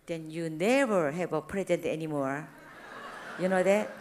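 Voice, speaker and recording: Korean-accented woman preacher, middle-aged, broken English, lively storytelling sermon. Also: low voice, normal speed. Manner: broken English, animated retelling of dialogue. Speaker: church speaker. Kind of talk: sermon with anecdotes.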